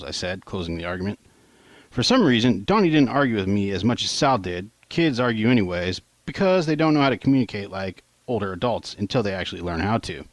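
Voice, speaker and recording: Low-voiced man casually reading his own novel. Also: very animated, fairly quick, dry recording. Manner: casual, conversational, with offhand asides and swearing. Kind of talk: first-person audiobook narration.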